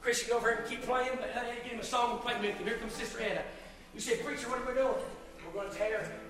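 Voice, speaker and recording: Fervent high-voiced preacher in echoey church. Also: male voice, fairly even intonation, racing. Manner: fervent, pleading, rises to shouts then drops low. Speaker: pastor. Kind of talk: altar call sermon. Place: church sanctuary during service. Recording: echoey church from far off with live guitar. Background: guitar playing.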